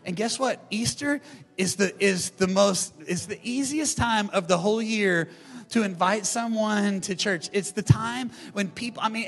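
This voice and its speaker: High-voiced, bright-toned male pastor preaching. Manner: animated, playful asides to the congregation. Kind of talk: sermon. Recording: long hall reverb, faint music behind.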